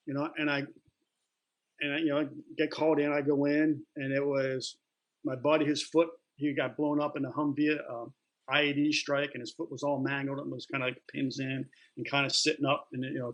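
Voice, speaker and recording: A man's voice: fairly high pitch, rough recording. A middle-aged man, an interview guest, telling stories in a plain-spoken, loose way with many fillers and restarts. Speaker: interview guest, retired Marine. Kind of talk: casual storytelling.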